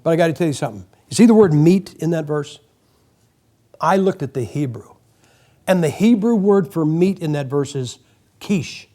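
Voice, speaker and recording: Animated older man preaching, high lively voice. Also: normal speed. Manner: folksy and joking, acts out quotes. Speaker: guest preacher. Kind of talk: sermon. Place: church sanctuary.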